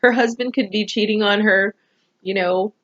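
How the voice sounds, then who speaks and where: A woman's voice: mid-range voice, fairly even intonation, normal speed, fairly bright tone, muffled recording. A woman vlogger talking to camera about family and people, rambling and emotional, with many fillers. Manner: rambling, emotional, full of fillers like "you know". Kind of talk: personal talk to camera.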